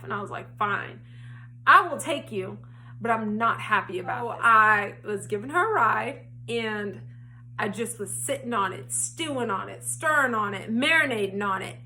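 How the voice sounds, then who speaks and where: A young woman vlogger telling a personal storytime in a casual, animated way that rises to indignation. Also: on the high side, slight background noise. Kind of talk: storytime vlog. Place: home, frogs heard outside.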